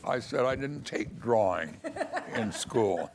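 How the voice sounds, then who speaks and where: A man's voice: fairly low pitch, expressive, takes it slowly, a little hiss or hum. An older man recalling his early years as a lawyer in a casual, storytelling way. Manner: storytelling, acts out quoted voices. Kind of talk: casual spoken memoir.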